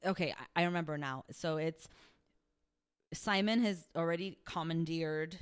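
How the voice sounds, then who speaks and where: A woman's voice: sits low, normal speed, clear, resonant tone. A woman co-hosting a podcast in casual chat, talking with lots of fillers and easy laughter. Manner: chatty, frequent fillers and laughter. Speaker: podcast co-host.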